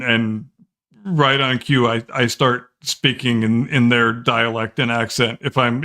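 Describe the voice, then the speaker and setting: A man with a bright, forward-placed voice talks through an explanation in a relaxed podcast conversation. He goes on at length and often stumbles into repeated words as he restarts his sentences. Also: mid-range voice. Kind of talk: casual chat.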